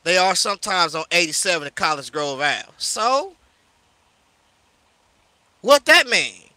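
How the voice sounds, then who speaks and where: A man's voice: sits high, very animated, a little slow, bright, forceful tone, no room sound. A man from St. Louis, a street preacher on a livestream, confrontationally scolding a listener and repeating "yo" and "you know what I'm saying.". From St. Louis, USA. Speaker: street preacher hosting a live discussion. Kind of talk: heated livestream rant.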